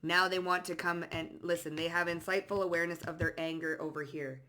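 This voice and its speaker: A woman's voice: lowish voice, steady tone, a little fast, sharp tone. A woman doing a casual tarot reading, blunt and profane, reading card phrases aloud in short bursts. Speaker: psychic tarot reader.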